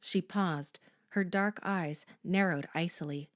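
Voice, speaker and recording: A woman narrating a horror audiobook at a slow, deliberate pace. Her voice sits somewhat low, and the recording is dry and close to the mic, with little room sound. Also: dry recording. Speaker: audiobook reader.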